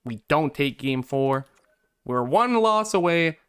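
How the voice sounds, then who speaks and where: A man's voice: on the high side, lively intonation, takes it slowly, clear, resonant tone. A young man giving gameplay commentary, exasperated and swinging between hope and letdown. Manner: exasperated, swings from hopeful to deflated. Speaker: gaming YouTuber.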